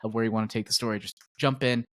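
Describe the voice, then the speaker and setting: A man talks fast in a mid-range voice, quizzing and teasing his co-host in casual podcast chat. The recording is dry and close-miked. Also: medium pitch, steady tone, no echo. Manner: quick, teasing interviewer.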